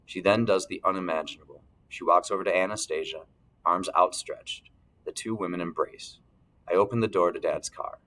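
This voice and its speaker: A man reading a first-person novel aloud as narrator, steady, clearing his throat now and then. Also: low-pitched, normal speed, poor audio. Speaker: audiobook narrator.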